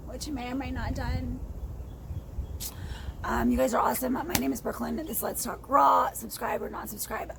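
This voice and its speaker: A high-voiced woman rants angrily to her phone camera. Her voice is hoarse, gravelly and out of breath, and she swears bluntly, dropping to a whisper and then breaking into shouts. Clear noise from outdoors sits behind her. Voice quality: hoarse, froggy voice. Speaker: vlogger. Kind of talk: angry personal rant. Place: outdoors in sunlight.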